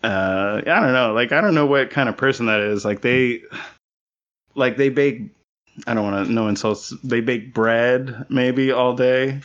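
A man's voice: mid-range voice, measured pace, a bit bright. A man hosting a podcast in casual chat, rambling with many fillers and giggling. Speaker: podcast host. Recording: lo-fi podcast audio.

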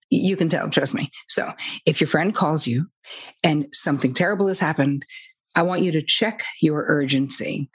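A woman guest talking about codependency in a blunt, lively, casual way, sometimes swearing lightly. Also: sits low, breathy edge. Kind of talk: casual storytelling interview.

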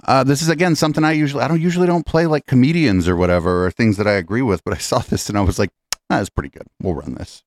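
A man's voice: medium pitch, racing, dry recording. A man hosting a podcast, giving blunt, profane, offhand commentary. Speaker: podcast host. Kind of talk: casual commentary.

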